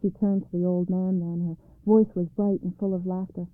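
A woman narrating a storybook in a calm, measured read-aloud way, on a tinny recording. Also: lowish voice, no echo, soft background music. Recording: dry, tinny phone-like sound.

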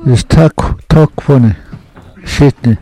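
Slow-spoken older man telling a story. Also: medium pitch, warm tone, slight background noise, low-quality recording. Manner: halting, broken-English storytelling with many restarts. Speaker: interviewee. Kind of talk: oral history storytelling.

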